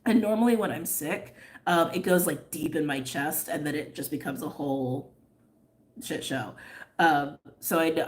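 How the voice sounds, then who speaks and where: A woman reading tarot and chatting casually on a livestream, rambling and laughing often, her voice a little hoarse. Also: deep voice, normal speed. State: slightly hoarse. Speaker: tarot reader.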